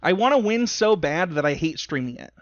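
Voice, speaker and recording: A man with a fairly high voice rambles through a casual podcast chat, joking at his own expense and getting emotional. The sound is dry and muffled, like a remote call recording. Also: expressive, a little fast, no room sound. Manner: rambling, self-deprecating, emotional. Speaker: podcast co-host.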